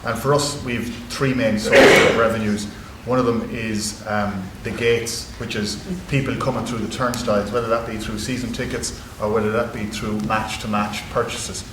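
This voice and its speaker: An Irish man answers a panel question in a low, flat voice, earnest and full of ums and restarts. He is heard in an echoey conference hall with a steady hum of background noise. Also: normal speed, hardly any pauses. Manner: earnest, with many fillers and restarts. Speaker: rugby club executive on a panel.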